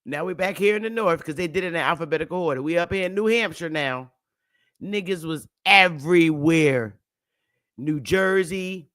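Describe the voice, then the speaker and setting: A woman's voice: fairly low pitch, moderate pace, a bit bright. A woman hosting a casual livestream, talking loosely and profanely and laughing often as she goes. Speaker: livestream host.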